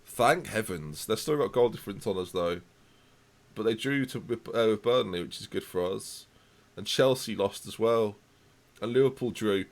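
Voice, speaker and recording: A young man commentating live on his football management game, reacting loudly to the match and chatting to viewers. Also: fairly low pitch, normal speed.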